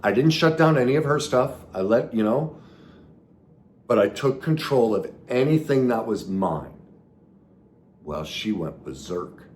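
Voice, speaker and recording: A man hosting a podcast as a trauma recovery coach, talking earnestly in a coaching manner, with sudden emphatic bursts and quiet drops. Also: mid-range voice, animated, a little slow, pauses often, slight background noise. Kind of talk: solo podcast teaching talk.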